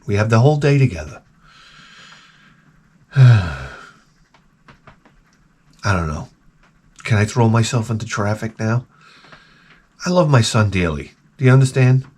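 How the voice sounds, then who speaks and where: A man of medium pitch speaks at a measured pace, with long pauses and a breathy edge. He runs a retro game channel and launches into a rambling comedic rant, animated, heavy on swearing, and marked by stammered restarts.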